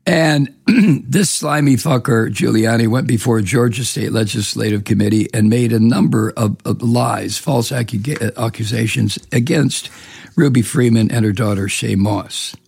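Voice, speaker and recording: A man's voice: medium pitch, unhurried, creaky, darkish tone, husky, dry recording, clean studio sound. A man hosting a political commentary show, delivering a profane, scornful monologue with heavy emphasis.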